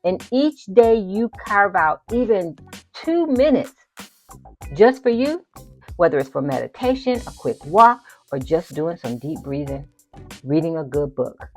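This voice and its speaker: Lower-voiced woman giving a motivational talk. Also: lively intonation, a little slow, darkish tone, soft background music. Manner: emphatic, preacherly, playful, repeats phrases for effect. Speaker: podcast host. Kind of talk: motivational solo podcast.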